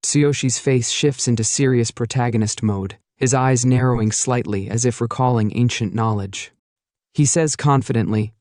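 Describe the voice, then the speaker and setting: A man's voice: medium pitch, normal speed, darkish tone, no echo, studio quality. A man narrating a comic story recap in a playful, jokey storytelling manner.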